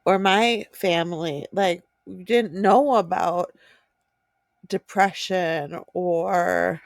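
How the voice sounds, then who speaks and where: A woman's voice: lowish voice, steady tone, very slow, creaky, no room sound, clean studio sound. A woman co-hosting a podcast who talks in a reflective, supportive way and often chimes in. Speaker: podcast co-host. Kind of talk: casual chat.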